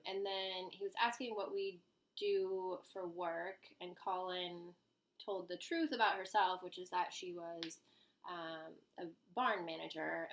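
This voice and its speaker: A young woman telling a story to the camera in a chatty, amused way, full of fillers and asides. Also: lowish voice. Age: young adult.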